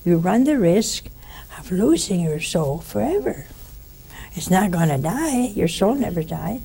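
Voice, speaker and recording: A woman giving a conversational spiritual teaching, telling stories with lively asides to her listeners. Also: lowish voice, a little slow, creaky, a crowd in the background.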